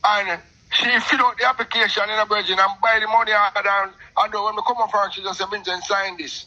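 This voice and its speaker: A middle-aged Jamaican man telling a long personal story in patois, animated and talkative, calling in to a show. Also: high voice, fast, low-quality recording. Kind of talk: casual storytelling on a call-in show.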